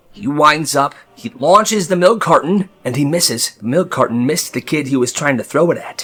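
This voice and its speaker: Guy doing storytime skits, bit husky, higher voice, music bed. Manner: animated storyteller jumping into character voices. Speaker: storytime creator. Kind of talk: comedic storytelling with skit voices.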